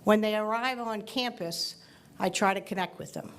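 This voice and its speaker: A middle-aged woman professor giving closing remarks at a ceremony, telling a gently humorous story. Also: mid-range voice, moderate pace. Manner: warm, lightly humorous storyteller.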